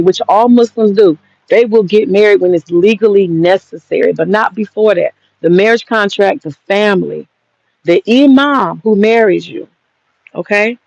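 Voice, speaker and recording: A woman in her thirties rants at a critic in a profane, combative way. Her voice has a gravelly fry. The recording is dry and close but dull and lo-fi. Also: mid-range voice, a little mellow, dry recording. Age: 30s. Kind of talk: heated casual rant. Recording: dull lo-fi sound.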